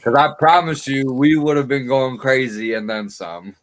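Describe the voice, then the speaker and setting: A man co-hosting a casual wrestling talk show, talking in a profane and animated way, often cutting in. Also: mid-range voice, moderate pace. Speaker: podcast co-host. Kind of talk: casual chat.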